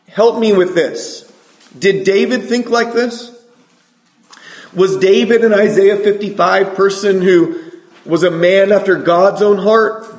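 A man from California preaching a sermon, asking the congregation questions and reciting scripture slowly. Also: sits high, darkish tone, reverberant. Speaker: pastor.

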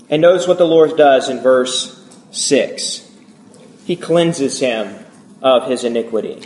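A male pastor delivers a sermon in an earnest, emphatic way, stacking repeated phrases to drive each point home. His voice sits high for a man. The sound carries a noticeable room echo.

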